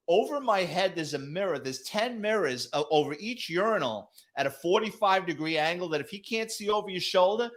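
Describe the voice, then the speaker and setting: A middle-aged man, a retired police detective, telling stories as a guest with lots of swearing and acted-out quotes. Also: fairly high pitch. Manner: animated, profane, acts out quoted voices. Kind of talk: casual storytelling.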